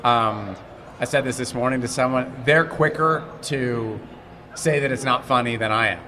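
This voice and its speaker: A middle-aged man from Montreal, an actor being interviewed at a convention, who talks in casual animated stories, restarts his sentences and acts out the quotes. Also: mid-range voice, moderate pace. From Montreal, Canada. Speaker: actor guest. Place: convention hall.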